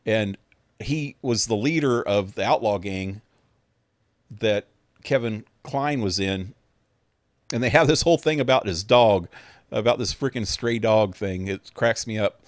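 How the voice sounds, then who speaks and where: A man's voice: fairly low pitch, unhurried, dry recording, studio quality. A man streaming a game, chatting casually in a laid-back, rambling way with some swearing. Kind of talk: casual chat.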